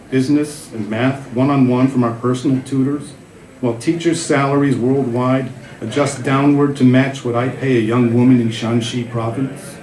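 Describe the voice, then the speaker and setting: A man in his fifties reading a personal essay aloud to a live audience, with a wry, self-mocking delivery. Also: medium pitch. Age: 50s. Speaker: reader. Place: festival event room with a live audience. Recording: echoey room, loud crowd laughter.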